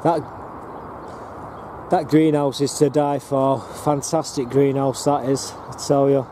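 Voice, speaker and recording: A man's voice: mid-range voice, level tone, unhurried, warm tone, a little hiss or hum. A man giving a rambling, casual walking tour of his allotments, full of ums and restarts, filmed outdoors on a handheld camera. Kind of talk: casual walk-and-talk commentary.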